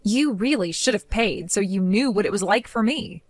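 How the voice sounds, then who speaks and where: A woman voicing a defiant, mocking young daughter-in-law in an animated story, speaking in a sarcastic way. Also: mid-range voice, moderate pace, dry recording, close to an everyday voice. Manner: sarcastic, mocking, laughs often.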